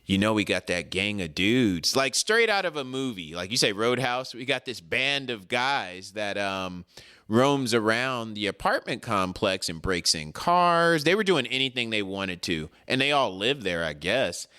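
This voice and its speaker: A man telling a story in a casual chat, animated and slangy, acting out the people in it. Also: mid-range voice, a little slow, clean tone. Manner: animated, acts out the people in his stories. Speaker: podcast co-host.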